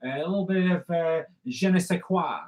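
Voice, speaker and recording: Male comics artist, slightly high voice, loose jokey drawing tutor. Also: normal speed. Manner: chatty, rambling, with jokey asides. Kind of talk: live drawing lesson.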